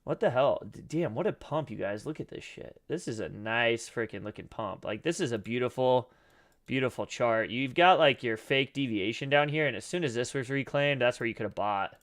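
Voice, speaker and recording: A man with a mid-range, slightly bright voice and lively intonation talks at a normal pace, casually going over trading charts on a live stream. He rambles loosely, swears now and then, and leans on lots of fillers. His throat is scratchy, so his voice cracks and he keeps clearing it.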